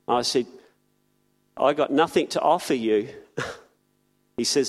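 A man preaching a sermon in an earnest way, often repeating words and slowing down on key phrases. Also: medium pitch.

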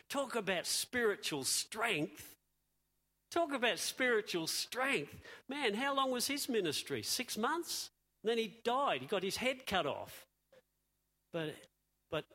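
Animated male preacher giving a sermon. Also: on the high side. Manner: animated, rhetorical questions, repeats phrases for emphasis.

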